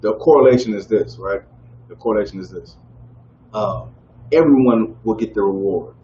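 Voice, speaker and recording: Mellow and at a moderate pace, a man teaches a scripture class in preaching style, inviting call-and-response with frequent "y'all with me?" prompts. It's captured in roomy, dull low-fi audio with faint background noise.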